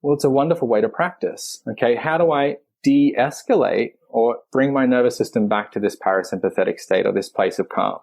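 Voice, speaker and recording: A man, a physical therapist guest on a podcast, explaining in a reflective way with the odd soft laugh. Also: medium pitch, brisk, vocal fry, few pauses. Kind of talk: conversational podcast interview.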